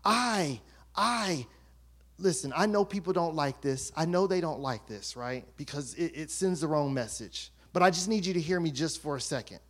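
A man preaching as a pastor, swinging between soft asides and shouted, emphatic peaks in a church. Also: fairly high pitch, animated, moderate pace. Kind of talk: sermon. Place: church sanctuary.

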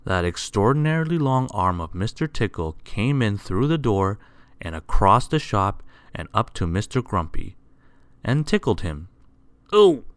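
A man reading a children's picture book aloud, expressive and asking the listener questions. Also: lowish voice, moderate pace, dry recording. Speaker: storyteller.

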